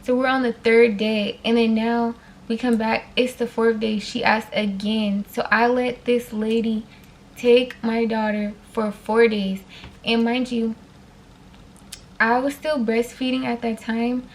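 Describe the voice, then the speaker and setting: A woman telling a personal story to her viewers in a casual storytime vlog, animated, with frequent fillers and direct asides to them. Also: fairly high pitch, unhurried.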